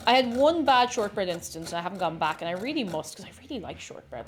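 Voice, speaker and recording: A woman's voice: medium pitch, animated, quick pace. A bubbly woman, her voice bouncing up and down as she chats away to her viewers while baking. She greets people by name and laughs easily, and faint music plays under her. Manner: chatty, greets chat by name, frequent laughter. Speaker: variety streamer. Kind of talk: casual live-stream chat while baking.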